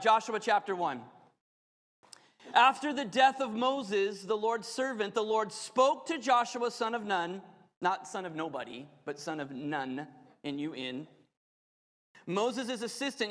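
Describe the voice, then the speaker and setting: A man preaching a sermon as pastor, lively with joking asides to the congregation. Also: fairly high pitch, a little slow. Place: church hall. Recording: reverberant hall.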